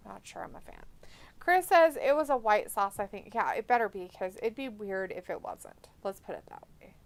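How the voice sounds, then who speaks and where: A woman's voice: mid-range voice, animated, moderate pace. A woman hosting a casual live watch-along stream, reading chat aloud, blunt and profane, chatting to her cat between remarks.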